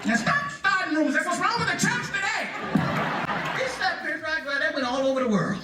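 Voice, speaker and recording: A man's voice: very high-pitched, a little fast, heavy background noise. A man performing stand-up comedy, laughing through his routine. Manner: laughing, animated delivery. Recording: roomy, distant, loud crowd. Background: loud audience.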